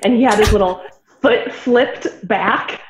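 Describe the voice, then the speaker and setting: A woman in casual podcast chat, telling lively stories over a video call. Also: medium pitch, a little slow, noisy background. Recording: roomy lo-fi video call audio.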